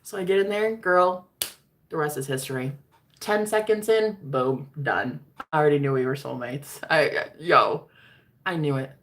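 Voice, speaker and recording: A woman with a low, gravelly voice tells a personal story to her viewers in a chatty, candid way. She swears freely and keeps calling them girl. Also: a little slow, a little hiss or hum. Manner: candid, profane, chatty, addresses listeners as girl. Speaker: tarot reader.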